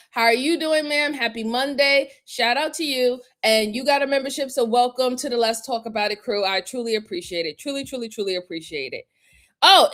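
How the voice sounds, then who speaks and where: A woman's voice: a little high, a bit bright. Chatty woman hosting a livestream. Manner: repeats greetings and thanks, laughs often. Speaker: livestream host. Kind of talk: casual livestream chat.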